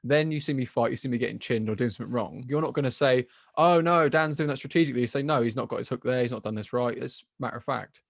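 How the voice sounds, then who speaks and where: A man's voice: medium pitch, quick pace, vocal fry, few pauses, dry recording, studio quality. A man hosting a podcast as an MMA fighter, talking bluntly and swearing freely. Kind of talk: casual podcast chat.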